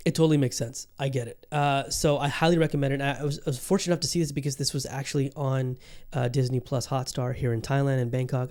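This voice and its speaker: A male podcast host talking on his own in a loose, casual way. He rants with animated disbelief, swears freely, and keeps circling back to the same point while he tries to calm himself. His pitch sits in the middle. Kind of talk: casual solo podcast talk. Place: Bangkok, Thailand.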